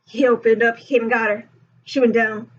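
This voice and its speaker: A woman's voice: on the high side, little pitch movement, fairly quick. A young woman casually retelling a myth in a laid-back, slangy way, full of fillers. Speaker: storyteller. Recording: dull lo-fi recording.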